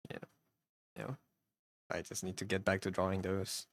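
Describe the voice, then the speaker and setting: A man's voice: sits low, completely flat delivery, moderate pace. A man streaming live while he draws, talking casually in a hesitant, rambling way, full of restarts and repeated words. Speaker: streamer and artist.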